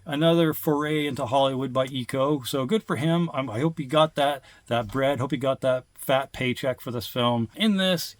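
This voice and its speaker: A man's voice: medium pitch, no room sound. A man talking casually about his film collection, rambling with frequent restarts and filler words. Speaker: film collector reviewing movies. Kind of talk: casual vlog review.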